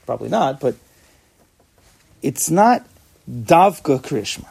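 A man's voice: medium pitch, big pitch swings, takes it slowly, gravelly, darkish tone, slightly rough. A man teaching an informal Talmud class, explaining step by step and asking and answering his own questions.

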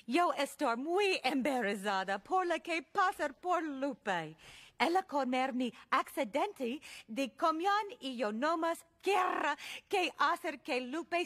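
A woman's voice: high-pitched, a bit bright. A woman voicing a dramatic, pleading woman who speaks in broken Spanish. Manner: melodramatic, broken grammar.

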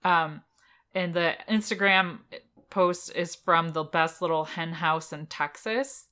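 A woman's voice: lowish voice, takes it slowly, bright, forceful tone, smooth. A woman co-hosting a casual podcast, giggling often and reading listener messages aloud. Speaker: podcast co-host. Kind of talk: casual chat.

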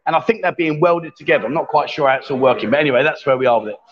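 Chatty fast-talking male stream host. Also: a little high. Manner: chatty, jokey, laughs often. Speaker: livestream host. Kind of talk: casual live-stream chat, reading viewer comments. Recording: dull lo-fi stream audio.

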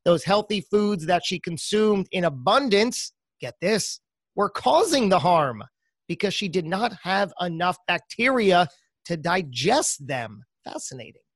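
A man's voice: sits high, big pitch swings, a little slow, no echo. A man with a New Jersey accent hosting an interview podcast, chatty and enthusiastic. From United States. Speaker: podcast host. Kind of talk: casual interview chat.

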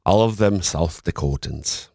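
Deep-voiced middle-aged man, casual co-host. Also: gravelly, dark tone, no echo, clean studio sound. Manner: playful, laughing, halting with fillers. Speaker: podcast co-host. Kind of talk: casual chat.

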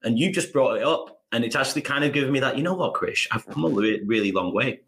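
A man's voice: medium pitch, expressive, fast, fairly bright tone. A man from England with a northern English accent, a podcast guest talking in a friendly, reflective way. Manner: friendly, reflective, calls people mate. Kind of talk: conversational interview.

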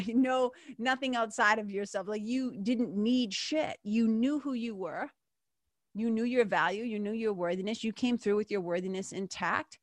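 A chatty woman podcast host talks through a self-help monologue, dotted with fillers, mild swearing and laughs at herself. Her voice sits at a middle pitch and sounds close and dry, with no room around it. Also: no echo.

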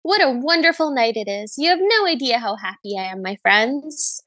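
A woman's voice: fairly high pitch, animated, normal speed, pushed and bright, no room sound, studio quality. A woman playing a young Cinderella, tired from running but dreamy and sweetly happy. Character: breathless, happy young Cinderella after the ball.

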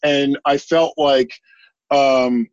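A man, a guest psychic medium, telling a story in a casual podcast interview, rambling and animated, full of "like" and casual swearing. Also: mid-range voice, drawn-out words, dry recording, highs cut off.

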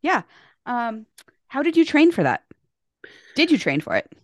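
A woman's voice: a little high, big pitch swings, measured pace, no room sound, clean studio sound. A woman co-hosting a casual interview, supportive and asking follow-up questions. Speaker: podcast co-host.

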